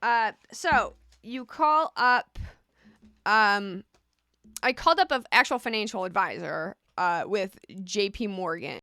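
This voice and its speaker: A woman's voice: medium pitch, slow, sharp tone. A woman vlogging casually, explaining things chattily and often repeating a rhetorical "right?".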